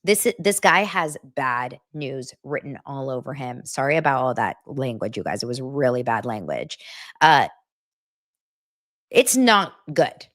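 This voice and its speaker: A woman's voice: a bass voice, big pitch swings, measured pace, a bit bright. A woman hosting a casual celebrity gossip vlog, chatting straight to her viewers. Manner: chatty, addresses viewers directly.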